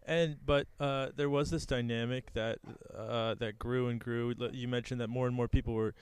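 Male interviewer, smooth and resonant, measured with small restarts. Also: mid-range voice, fairly even intonation, dry recording. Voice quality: measured, asks with hesitant restarts. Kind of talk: conversational interview.

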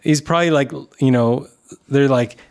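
A man's voice: medium pitch, moderate pace, darkish tone. A man co-hosting a casual talk show, opinionated and talkative, often acting out other people's lines. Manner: opinionated, talkative, acts out quotes. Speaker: podcast co-host. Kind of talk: casual chat.

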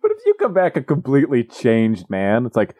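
A man's voice: huge pitch swings, a little fast, dark tone, no room sound. A man co-hosting a podcast in casual chat, sardonic and swearing freely as he jokes. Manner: sardonic, swears freely, jumps into high mock voices. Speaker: podcast co-host.

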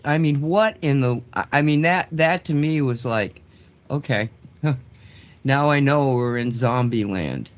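A man's voice: medium pitch, expressive, a little slow. A man co-hosting a casual talk show, indignant and rambling. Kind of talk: casual political chat.

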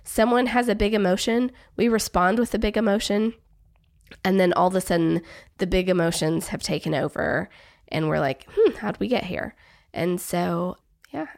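A woman's voice: on the low side, creaky, darkish tone. A woman, a therapist and parent, talking thoughtfully about parenting in an interview. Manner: thoughtful, reflective, speaks in measured phrases. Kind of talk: conversational podcast interview.

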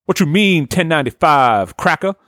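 A man voicing a brash streetwise tough guy from a 1970s action-film parody, with a loud blustering manner. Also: fairly high pitch, lively intonation, moderate pace, dry recording, clean studio sound, voice pushed up. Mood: indignant.

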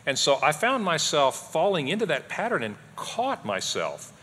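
A middle-aged man co-teaching a parenting class at a church, talking in an animated way and acting out what his family says. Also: on the high side, normal speed, husky. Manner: animated, acts out quotes of his kids and wife. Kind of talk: conversational teaching talk. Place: church hall. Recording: long hall reverb.

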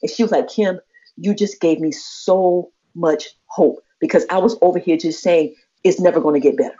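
A podcast co-host with a lowish voice speaks at a normal pace, telling a personal story casually and with animation while acting out the quoted voices. The lo-fi recording is slightly muffled.

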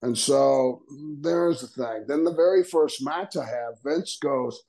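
An older man talks as a podcast guest, spinning casual stories and slipping into the voices of the people he quotes. He laughs often and keeps a steady, mid-range pitch. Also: takes it slowly, gravelly, low-quality recording. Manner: animated storyteller acting out quoted dialogue, laughing often. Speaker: guest, retired wrestler. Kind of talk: casual storytelling interview.

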